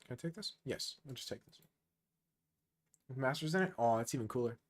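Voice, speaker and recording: Excitable man giving slangy chess commentary. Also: medium pitch, fairly quick. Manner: excitable, slangy, talks straight to the player. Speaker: chess streamer. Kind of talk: casual live chess commentary.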